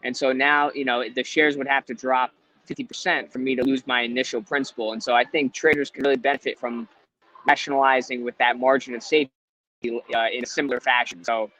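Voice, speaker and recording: Measured male trader explaining, dry sound. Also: mid-range voice, little pitch movement, pushed and bright, dry recording, low-quality recording. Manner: measured, explanatory, with hedging fillers. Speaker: guest stock trader. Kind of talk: casual interview chat.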